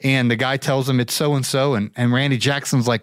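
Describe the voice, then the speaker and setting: Casual male storyteller from Ohio, rambling and lively, dry close sound. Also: normal speed, no echo. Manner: rambling, animated, pitches up for quoted voices. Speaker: show regular telling a story.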